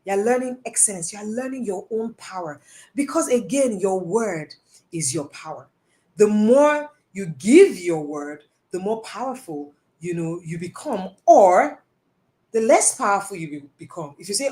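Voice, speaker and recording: A woman's voice: medium pitch, very animated, normal speed, darkish tone. A woman giving a live talk, answering audience questions in an earnest, emphatic way and repeating phrases for stress. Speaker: personal development speaker.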